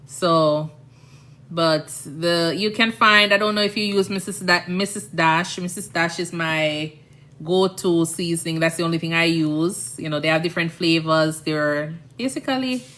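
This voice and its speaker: A Jamaican woman chats casually on her livestream, her voice bright and forceful though pitched fairly low. She rambles through stories and keeps checking in with her listeners, asking if they understand. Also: measured pace. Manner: chatty, rambling, often asks "you understand?". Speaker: nurse and livestream host.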